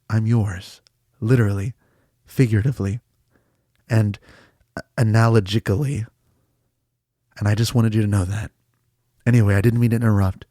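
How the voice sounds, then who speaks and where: A man voicing his own needy male inner voice, speaking softly and pleadingly. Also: fairly low pitch, no room sound, clean studio sound, natural voice. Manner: soft, pleading, intimate.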